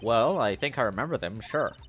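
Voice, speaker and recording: A man's voice: medium pitch, lively intonation, brisk, fairly bright tone, highs cut off, faint music behind, pitched below the performer's own voice, natural voice. A man voicing a flustered young male defense lawyer, anxious and protesting, while reading game dialogue.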